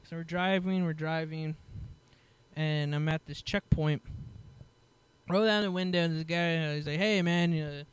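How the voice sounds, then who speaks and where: A man's voice: on the high side, normal speed, clear, resonant tone. A man telling a story in casual chat, swearing often and acting out what other people said. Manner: animated, swears a lot, laughs, acts out other people's lines. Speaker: podcast host telling a story.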